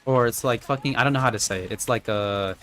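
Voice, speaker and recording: A man's voice: medium pitch, fast talker, a bit bright. A young man chatting casually while streaming a game at home, rambling and swearing, with many tag questions. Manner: rambling, profane, full of "right?" and "you know".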